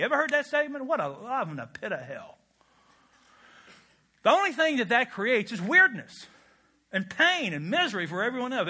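A male pastor delivers a sermon in a church sanctuary. His voice sits high and sounds bright, and he keeps things animated and humorous, throwing questions out to the congregation. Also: moderate pace.

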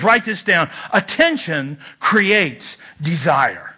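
A man preaching a sermon in church, joking and animated, swinging from loud urging to hushed asides. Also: high-pitched. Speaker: pastor.

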